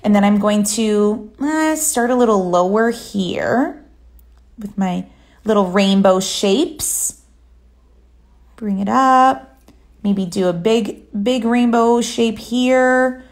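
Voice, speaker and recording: A woman giving a relaxed, chatty step-by-step nail art tutorial. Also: fairly high pitch, slow. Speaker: nail artist.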